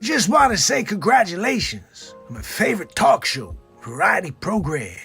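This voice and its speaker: A man doing a comedic impression of a gravelly older male film star who bursts into shouts. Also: high voice, very animated, moderate pace, faint music behind, full character voice. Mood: explosive.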